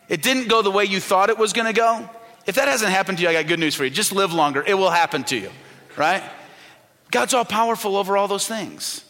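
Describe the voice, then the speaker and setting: A pastor preaches to his congregation in a bright, forceful voice that sits a touch high for a man. He keeps it conversational, putting questions to the people and going soft when he quotes the people in his stories. The sound rings with the long reverb of a big church hall. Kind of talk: sermon.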